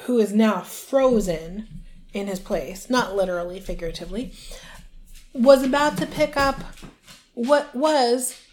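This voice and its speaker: A woman with a fairly high voice co-hosts a casual podcast chat. She retells a book chapter and slips into quick character voices for the lines she quotes. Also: expressive, darkish tone, a little hiss or hum. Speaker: podcast co-host.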